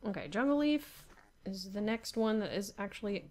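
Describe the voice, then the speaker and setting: Her medium-pitched voice has lively intonation, a moderate pace and a darkish tone, with slight hiss or hum in the audio. The young woman talks to herself while playing survival Minecraft, frequently laughing and grumbling.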